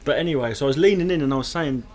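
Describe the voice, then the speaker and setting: A man's voice: fairly high pitch, rapid-fire, darkish tone. A man co-hosting a live comedy podcast, telling rambling anecdotes in casual chat. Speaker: podcast co-host.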